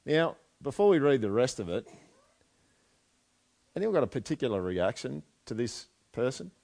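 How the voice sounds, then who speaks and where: A man's voice: medium pitch, very animated, normal speed, vocal fry. Chatty preacher man. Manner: chatty, asks the listeners questions, drops to quiet asides. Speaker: pastor. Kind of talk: conversational sermon.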